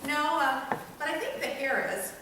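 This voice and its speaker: A woman's voice: high voice, steady tone, moderate pace, sharp tone, slight background noise. A woman on stage playing a fussy, fragile housewife who talks in hesitant, fluttery bursts. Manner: fluttery, hesitant, with many ums and ohs. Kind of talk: stage comedy acting. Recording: echoey stage from far off.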